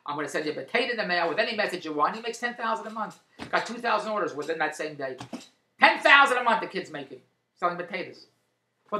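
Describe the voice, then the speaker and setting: A man rattling off a comic rant at top speed, his voice bright and sharp. He jumps from mutters to loud outbursts, and his voice bounces around an echoey room. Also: a little high, a little hiss or hum. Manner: excitable, swings to loud exclamations. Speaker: vlogger and TV marketer. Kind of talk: rambling comic monologue.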